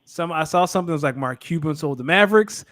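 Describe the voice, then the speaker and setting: A man's voice: on the high side, animated, quick pace, fairly bright tone, no room sound, clean studio sound. A man co-hosting a casual podcast, trading wry jokes in easy banter. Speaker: podcast co-host. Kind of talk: casual sports and culture chat.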